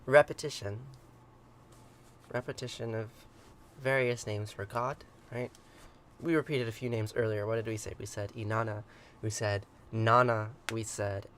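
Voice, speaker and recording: A man's voice: medium pitch, fairly bright tone, a little hiss or hum. Casual, chuckling man hosting a livestream. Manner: chuckles often, hesitant with many ums. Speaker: livestream ritual host. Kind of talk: reading a myth aloud and chatting with viewers. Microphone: livestream computer mic.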